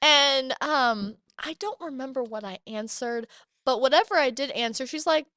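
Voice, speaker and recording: Lively high-voiced chatty actress. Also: female voice, normal speed, dry recording, clean studio sound. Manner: chatty storyteller, animated quoting. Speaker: podcast guest, actress. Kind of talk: casual interview chat.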